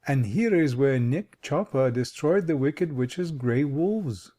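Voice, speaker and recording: A man's voice: medium pitch, animated, slow pace, mellow. A man voicing a wise, kindly scarecrow king in an audiobook, thoughtful and fatherly. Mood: reflective. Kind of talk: audiobook character voice.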